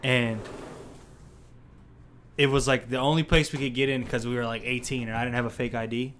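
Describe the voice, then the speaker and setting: A man's voice: mid-range voice, fairly quick, a little hiss or hum. Young man telling a profane story. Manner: profane, laughing, animated storytelling. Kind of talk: casual storytelling among friends.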